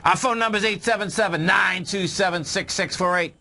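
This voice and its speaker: A man's voice: high-pitched, a little fast, sharp tone. A man co-hosting a radio market show, talking emphatically and repeating phrases as he speaks to listeners. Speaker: co-host, market analyst. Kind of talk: radio market talk with callers. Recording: radio broadcast.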